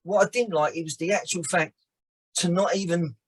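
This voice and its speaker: A man, chatting as a guest on a podcast, animated and often restarting his sentences. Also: high-pitched, moderate pace, husky. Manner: animated, frequent restarts and repeated words. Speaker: actor and filmmaker guest. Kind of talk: casual podcast chat.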